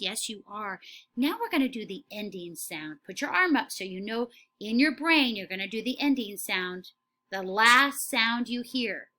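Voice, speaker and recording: A woman teaching a phonics lesson to young children, speaking slowly and clearly and giving steady encouraging praise. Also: mid-range voice. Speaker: kindergarten teacher.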